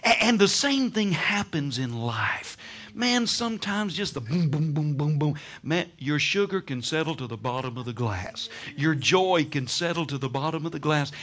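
Lively high-voiced man preaching. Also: normal speed. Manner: animated storytelling, laughing and shouting. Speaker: pastor. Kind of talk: sermon.

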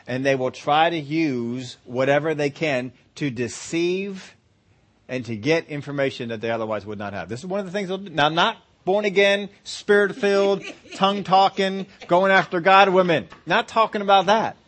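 A man's voice: fairly high pitch, normal speed, fairly bright tone. A man preaching a sermon. He talks conversationally, laughs easily and acts out little scenes. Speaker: pastor.

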